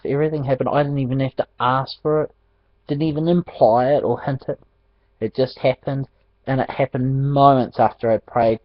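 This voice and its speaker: A man telling a personal faith testimony in an animated storytelling way, laughing often. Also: mid-range voice, dry recording. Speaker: ministry speaker. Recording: dull dry lo-fi recording.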